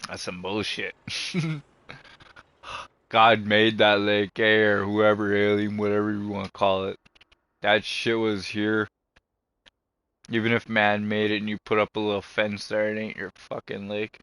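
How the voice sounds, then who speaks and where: A man's voice: on the low side, steady tone, moderate pace, a bit bright, clean tone, no room sound. Profane ranting man. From Canada. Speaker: vlogger. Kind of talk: casual rambling monologue.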